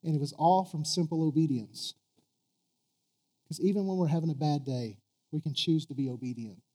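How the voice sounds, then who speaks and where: A preacher with a somewhat high voice delivers a sermon in an earnest, halting way. He trips over his words, circles back and repeats phrases before driving a point home. He throws questions out to his congregation. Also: mellow. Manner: earnest, stumbling restarts and repeated words, rising to emphatic peaks.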